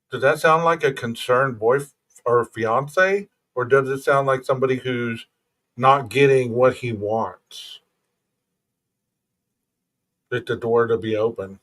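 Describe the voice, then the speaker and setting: A man's voice: medium pitch, steady tone, a little slow, fairly bright tone. A man hosting a true crime podcast, reading official reports aloud in a plain voice and breaking off to talk casually to his listeners. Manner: casual, reads documents then comments to listeners. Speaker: podcast host.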